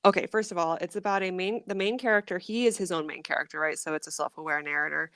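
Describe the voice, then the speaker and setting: A woman's voice: fairly low pitch, fast talker, fairly bright tone, no room sound, studio quality. A woman hosting a podcast, chatting casually and enthusiastically about books, with frequent restarts. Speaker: podcast host. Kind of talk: casual chat.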